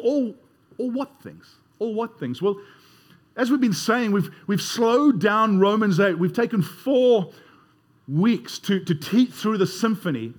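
High-voiced man preaching emphatically. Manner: emphatic, conversational preaching with repetitions. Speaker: pastor. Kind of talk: sermon.

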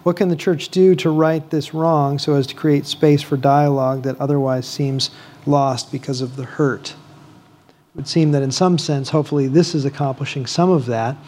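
A man's voice: fairly high pitch, fairly even intonation, normal speed, a little mellow. Male panel moderator reading questions. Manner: reads audience questions and invites responses.

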